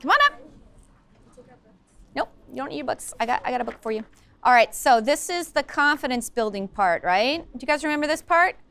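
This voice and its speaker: Brief: woman teacher, high bright voice, upbeat, quizzes her class in a classroom. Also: lively intonation, a little fast, smooth. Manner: upbeat, coaxing, asks the class many questions. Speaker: social-emotional learning teacher. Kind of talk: classroom lesson. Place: school classroom.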